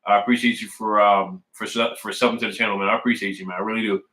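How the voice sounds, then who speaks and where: Casual fan-stream host, man, repeats himself for emphasis, bright tone, roomy echo. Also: fairly low pitch, level tone, racing. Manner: repetitive, emphatic, says "man" and "I really do" often. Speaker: sports fan streamer reading chat. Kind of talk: casual live-stream chat. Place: at home indoors.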